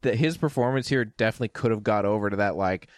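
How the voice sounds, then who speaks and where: A man casually reviewing a film with a friend, animated, laughing often and swearing. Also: on the low side, fast talker, no echo, studio quality. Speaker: podcast co-host. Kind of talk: casual movie review chat.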